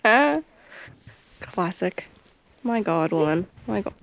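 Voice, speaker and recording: A woman's voice: mid-range voice, animated, slow, gravelly. A woman with an Australian accent in casual banter as a co-host, teasing and sarcastic, laughing a lot. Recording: dull lo-fi dry mic.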